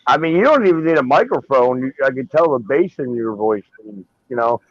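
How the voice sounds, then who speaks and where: A man's voice: medium pitch, lively intonation, a little fast, dry recording. A man hosting a casual panel chat, cracking jokes and telling crude stories. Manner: joking, tells crude anecdotes. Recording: dull lo-fi audio.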